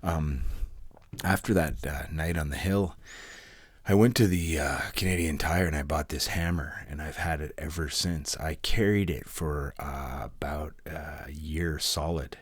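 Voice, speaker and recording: Very deep-voiced man, mumbling monologue. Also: slightly rough, no room sound, clean studio sound. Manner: mumbling and halting, drops to a whisper. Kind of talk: casual monologue.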